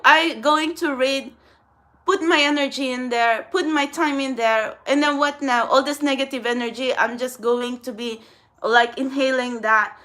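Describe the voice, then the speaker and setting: This young woman, a spiritual channel host, speaks in a high-pitched, pushed, bright voice. Chatting through a casual get-ready-with-me vlog, she rambles bluntly and swears a lot.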